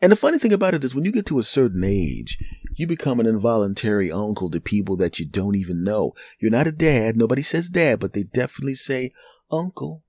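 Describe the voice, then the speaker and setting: A middle-aged man, a podcast host and comedian, telling a story in an animated, chatty way with chuckling asides. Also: mid-range voice, fast, no echo. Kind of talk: storytelling monologue.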